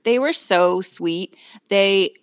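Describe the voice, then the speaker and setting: A woman's voice: medium pitch, slow pace, clean tone, dry recording, clean studio sound. A middle-aged woman co-hosting a podcast, telling a story in casual chat, laughing often and acting out what others said. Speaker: podcast co-host.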